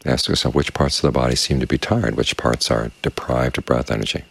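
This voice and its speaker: A man giving a dharma talk as meditation teacher, speaking in a calm, measured, unhurried way. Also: extremely low pitch, gravelly, slightly rough. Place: quiet meditation space with crickets outside.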